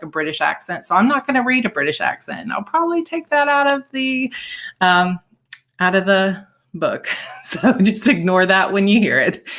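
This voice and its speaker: Chatty woman reading her own book. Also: on the low side. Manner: conversational and chatty in recaps, steady in first-person narration. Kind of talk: live audiobook reading with chat.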